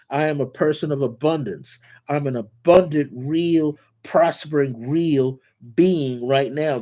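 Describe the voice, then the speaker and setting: A man hosting a guided spiritual talk, speaking in repetitive, incantatory affirmations and slowing down on key words. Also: a little high, mellow. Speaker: spiritual teacher and show host.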